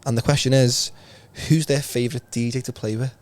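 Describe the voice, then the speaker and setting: A man hosting a podcast in a quick, jokey, casual chat. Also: mid-range voice, fairly even intonation, a little mellow. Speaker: podcast host.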